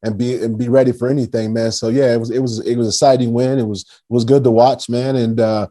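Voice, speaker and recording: A man's voice: mid-range voice, level tone, fast talker, warm tone, dry recording. A man co-hosting a podcast, chatting in a laid-back way and calling people "man" and "brother". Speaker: podcast co-host. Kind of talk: casual chat.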